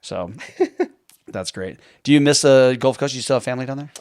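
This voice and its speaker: A man's voice: mid-range voice, moderate pace, a little mellow, no room sound, studio quality. A man in his thirties from Texas, hosting a podcast in a chatty, storytelling way and laughing easily. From Texas, near Houston. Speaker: podcast host. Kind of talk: casual conversation.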